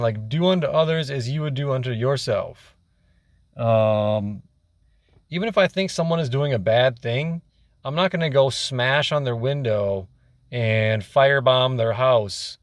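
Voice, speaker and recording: A man's voice: medium pitch, no room sound. A young man ranting casually to camera as a vlogger, exasperated and rambling, repeating himself and swearing.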